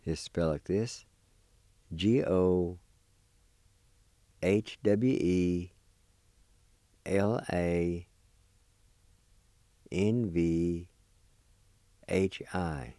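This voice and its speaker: A man with a low, mellow voice leads a pronunciation lesson, spelling each word and sounding out every syllable more than once. His pace is very slow and deliberate, and the sound is dry and close. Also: no echo. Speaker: language teacher.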